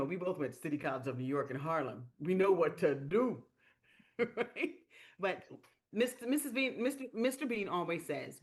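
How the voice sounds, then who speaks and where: Woman running a sales training stream, lively storyteller, acts out the quotes. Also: on the low side. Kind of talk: live-stream business training talk.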